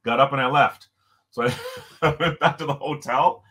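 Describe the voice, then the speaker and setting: A middle-aged man, a podcast guest, telling a story in a lively way and chuckling often. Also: medium pitch, normal speed. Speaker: podcast guest, former hockey coach. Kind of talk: storytelling in conversation.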